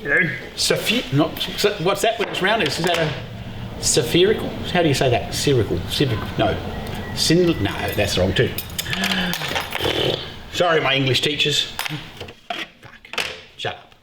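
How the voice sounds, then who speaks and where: Aussie guy in his middle years, high voice bouncing all over, jokey and sweary, echoey noisy room. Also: measured pace, pauses often. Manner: excitable, joking, swears freely. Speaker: beekeeper and show host. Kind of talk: casual vlog chat. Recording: echoey room with loud background noise.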